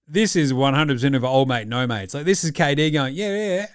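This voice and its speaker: A man's voice: mid-range voice, expressive, fairly quick, few pauses, clear, resonant tone, no room sound, studio quality. An Australian man hosting a casual sports reaction podcast, talking in a blunt, jokey, profane way. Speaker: podcast host.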